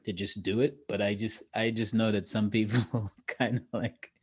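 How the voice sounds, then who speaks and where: A man with a somewhat low voice chats loosely as a podcast guest. He rambles and restarts his sentences, chuckling between thoughts. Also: steady tone, normal speed, husky. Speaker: guest, actor and comedian. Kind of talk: casual podcast chat.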